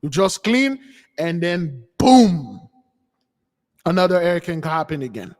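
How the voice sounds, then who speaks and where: A man's voice: a little high, lively intonation, darkish tone. Emphatic man teaching in a reverberant hall. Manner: repetitive, emphatic, drawn-out points. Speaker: spiritual teacher. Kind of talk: informal sermon talk.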